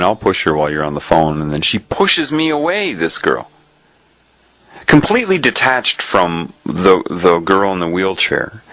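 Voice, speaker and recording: A man's voice: low-pitched, fairly bright tone, no room sound. A man preaching in an earnest storytelling way, recounting a spiritual testimony.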